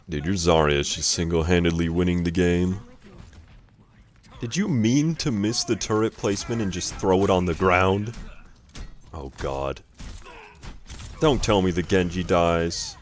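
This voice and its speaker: A young man with a deep voice reacts to someone else's gameplay in casual commentary. He speaks at an unhurried pace, exasperated and swearing freely, and breaks into laughter often. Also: slight background noise.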